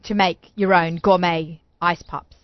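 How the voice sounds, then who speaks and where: A woman's voice: lowish voice, fairly even intonation, a little slow, dry recording, dull audio. A woman hosting a studio talk show, chatty and bubbly, often talking over her guests. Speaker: host.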